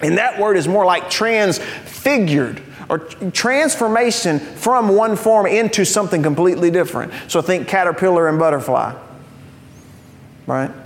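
A male pastor preaching a sermon in a conversational teaching manner, dropping in joking asides and slowing down to stress key phrases. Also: high voice, lively intonation. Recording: long reverb of a large hall.

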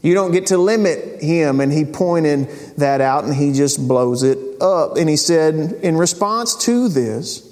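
A man's voice: on the high side, expressive, unhurried, hardly any pauses, a little mellow, in a large hall. A man preaching a sermon, retelling scripture in a casual, conversational storytelling way. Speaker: pastor.

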